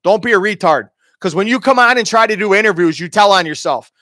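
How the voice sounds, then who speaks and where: A man's voice: sits high, lively intonation, fast talker, sharp tone, dry recording, studio quality. A man from Minnesota hosting a stream, ranting in a heated, profane and taunting way. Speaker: streamer host. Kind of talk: ranting commentary.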